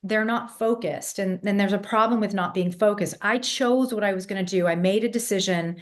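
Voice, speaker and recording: A woman's voice: medium pitch, a little fast. A woman in her fifties, raised partly in England, now speaking with an American accent, talking confidently as a vocal coach in a podcast interview. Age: 50s. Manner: confident, emphatic, fluent storyteller.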